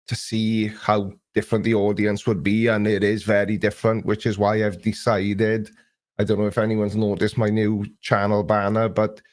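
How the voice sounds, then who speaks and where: A man's voice: fairly low pitch, flat delivery, normal speed, no echo. A man hosting an early morning livestream, greeting viewers by name and chatting about their comments in a rambling way. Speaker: livestream host. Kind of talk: casual livestream chat, reading viewer comments. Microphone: desk recording mic.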